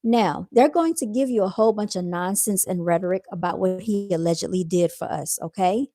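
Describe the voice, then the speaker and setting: A woman's voice: on the low side, brisk, warm tone, no echo. A woman delivering an opinionated commentary monologue straight to her viewers, emphatic and repetitive as she drives her points home. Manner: emphatic, repeats points, addresses viewers directly. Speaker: commentary vlogger.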